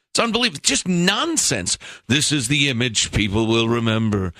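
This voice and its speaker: Sarcastic high-voiced male radio co-host. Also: pushed and bright, dry recording, studio quality. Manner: sarcastic, exasperated, mocking. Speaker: radio talk show co-host. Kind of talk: opinionated talk radio banter.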